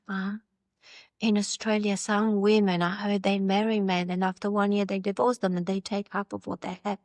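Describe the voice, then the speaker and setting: Woman, polish-born, interview guest, candid storytelling, wry humor, mid-pitched, dry close sound. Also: fairly even intonation, normal speed, no room sound. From Poland. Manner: candid and wry, acting out quoted voices, laughing often.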